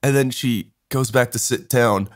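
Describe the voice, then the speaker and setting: A man's voice: mid-range voice, a little slow, dry recording, clean studio sound. A man hosting a podcast, telling a story in casual chat and laughing often as he goes. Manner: animated, laughs through his stories. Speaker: podcast host.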